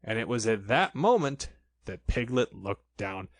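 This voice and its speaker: A man reading a children's storybook aloud in an expressive, playful way. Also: lowish voice, measured pace, no room sound, clean studio sound. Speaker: narrator.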